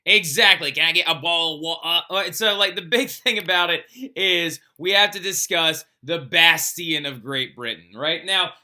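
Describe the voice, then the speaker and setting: This is a male history teacher giving a recorded lecture, his voice very bright and a bit high. He talks loosely and conversationally and keeps tossing in a "right?" to check that the class is following.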